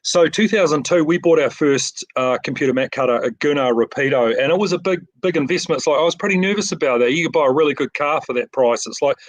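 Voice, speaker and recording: A man's voice: a little high, fast talker, hardly any pauses, dry recording, low-quality recording. Kiwi guy, middle-aged, talks shop about framing, keen and stumbly, dry close sound, video call. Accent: New Zealand. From New Zealand. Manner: enthusiastic, many restarts and repeated words. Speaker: picture framing shop owner. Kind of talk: casual interview chat.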